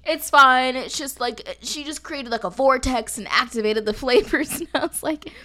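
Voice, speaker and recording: Animated young woman telling stories. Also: normal speed. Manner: animated storyteller, acts out quotes in a higher voice. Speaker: podcast co-host. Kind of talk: casual chat.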